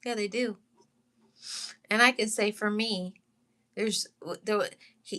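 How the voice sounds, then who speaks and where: A woman sharing a painful personal testimony with her viewers, holding back tears, speaking heartfelt and repetitive with pauses and restarts. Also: mid-range voice, steady tone, sharp tone. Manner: heartfelt, repetitive, pausing and restarting, greets live chat. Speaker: channel host sharing her story.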